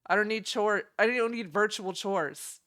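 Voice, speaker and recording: A woman's voice: medium pitch, unhurried, a bit bright. A young woman streaming, chatting casually and giggling as she reacts to game trailers. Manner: chatty, giggly, easily delighted.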